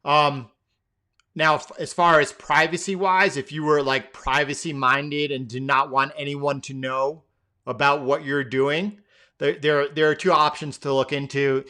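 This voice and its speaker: Bright, crisp-voiced trading stream host. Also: male voice, a little high, fairly even intonation, measured pace. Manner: loose and rambling, many fillers and repeated words. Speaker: trading stream host answering viewer questions. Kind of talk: casual live-stream Q&A.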